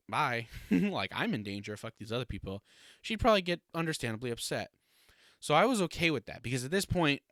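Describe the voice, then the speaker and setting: A man's voice: fairly low pitch, fairly bright tone, dry recording, clean studio sound. A man hosting a solo podcast in a casual, rambling way, swearing freely and laughing often. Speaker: podcast host.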